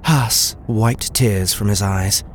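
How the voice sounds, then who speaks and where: A man narrating a dark fantasy story in a slow, measured way. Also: on the low side. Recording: steady cricket and insect noise.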